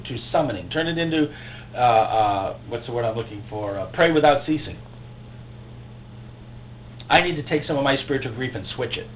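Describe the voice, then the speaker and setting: A man preaching a sermon as pastor, emotional and impassioned, with sudden loud outbursts. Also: a little high. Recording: echoey, tinny phone-like recording with faint hum.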